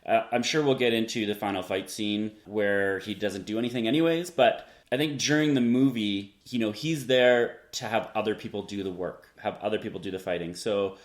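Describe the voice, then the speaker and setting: A man's voice: lowish voice, moderate pace, hardly any pauses. A man co-hosting a podcast, agreeable and casual in a movie review chat. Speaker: podcast co-host.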